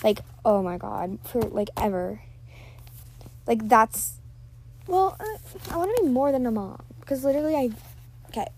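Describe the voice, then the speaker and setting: A woman's voice: on the high side, normal speed, pauses often, slight background noise. A teenage girl hosting a podcast, rambling casually, full of "like" and self-deprecating asides, on a built-in device mic. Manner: chatty, filler-heavy, self-deprecating. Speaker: podcast host.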